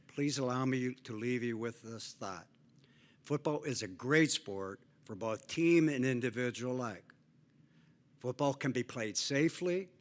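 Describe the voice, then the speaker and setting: An older man giving a heartfelt, deliberate hall of fame acceptance speech at a banquet dinner. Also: mid-range voice, a bit bright.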